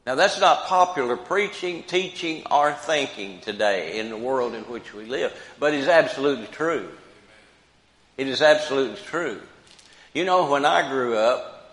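An older man preaching a sermon slowly and emphatically, repeating key phrases for weight. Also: mid-range voice, a bit bright. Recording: roomy hall with long reverb.

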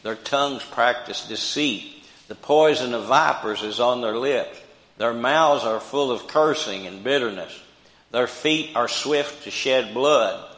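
An older man preaching in a slow, deliberate cadence, pausing and repeating phrases for emphasis. His voice rings out in a roomy space with a long trailing reverb. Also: medium pitch, a bit bright. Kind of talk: sermon.

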